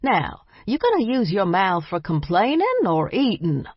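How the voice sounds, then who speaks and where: A woman's voice: medium pitch, huge pitch swings, unhurried, breathy edge, no echo, exaggerated voice. A woman voicing an older grandmother with a folksy, scolding, affectionate drawl, recorded a little muffled. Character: warm bossy Southern grandmother, older woman.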